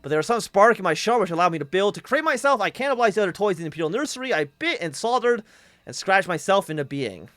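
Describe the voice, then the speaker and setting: A man voicing a grandiose male lion automaton who guards a city, speaking in lofty, deliberate pronouncements with a grating rumble. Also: big pitch swings, fairly bright tone, no echo.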